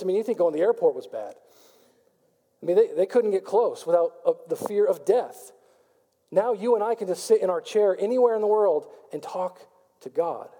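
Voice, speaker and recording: A man preaching a sermon as pastor, building to fervent calls and rapid questions to his congregation. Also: high-pitched, mellow. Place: church sanctuary. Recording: long reverb of a large hall.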